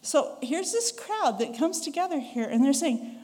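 A woman with a Western American accent preaches a sermon in an easy, conversational way, now and then chuckling and acting out what people said. Her voice sits a little high. The sound rings with the long reverb of a church sanctuary. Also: expressive, moderate pace, a little mellow. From western United States. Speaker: pastor.

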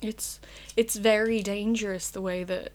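A woman's voice: medium pitch, steady tone, unhurried. A young woman with an Irish accent, hosting a solo podcast from her bedroom in a candid, rambling way, swearing freely. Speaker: podcast host. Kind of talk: casual solo podcast chat.

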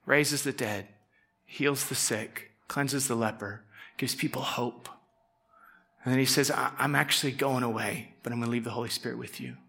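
A middle-aged man preaching a casual, conversational sermon. He acts out quick quoted voices and sometimes drops to a soft, intense tone. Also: medium pitch, creaky. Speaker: pastor.

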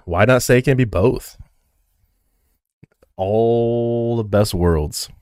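A man's voice: medium pitch, takes it slowly, darkish tone, dry recording, clean studio sound. A man co-hosting a casual podcast, joking crudely and laughing often. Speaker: podcast co-host.

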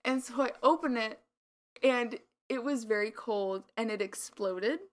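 A woman's voice: on the high side, unhurried. A young woman co-hosting a podcast in casual chat, rambling with lots of filler words and a slight mumble. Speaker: podcast co-host.

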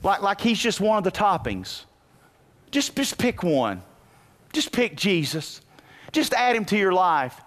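A pastor delivers a sermon in a voice that sits high for a man. He swings between soft, conversational asides and loud, emphatic preaching. He tells his points through folksy, humorous stories. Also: big pitch swings, a little slow, long pauses.

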